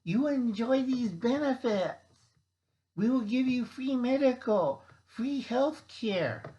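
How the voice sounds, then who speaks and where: A man's voice: very high voice, lively intonation, slow pace, mellow, highs cut off, pitched above the performer's own voice, exaggerated voice. A man voicing a barking male government official who demands papers in a stiff, mock-officious manner. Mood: mock-cheerful.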